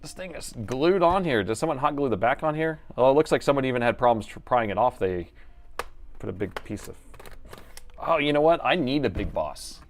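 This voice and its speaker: Working in his workshop during a laptop repair live stream, this middle-aged man thinks aloud, cracks jokes, rambles, and occasionally puts on an announcer voice. He speaks with a mid-range voice, animated and a little fast.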